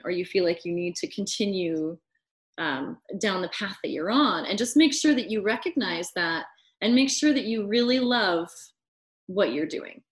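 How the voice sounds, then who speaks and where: A woman guesting on a podcast, calmly giving heartfelt advice in casual interview chat. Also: mid-range voice.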